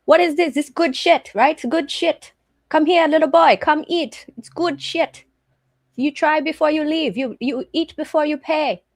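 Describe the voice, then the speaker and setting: A woman putting on a bossy female food cook, pushing customers around in insistent broken English. The voice sits high above her own and comes out loud and forceful, in a dry, close recording. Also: measured pace, no echo. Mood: pushy.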